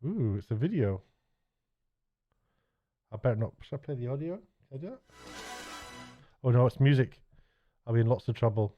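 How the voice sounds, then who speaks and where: Middle-aged male vlogger, mid pitch, rambling self-deprecating chatter, muffled lo-fi recording. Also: expressive, moderate pace, pauses often, soft background music. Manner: chatty, self-mocking, stumbling restarts. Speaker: YouTuber and TV director. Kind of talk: rambling late-night vlog. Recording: dull lo-fi sound.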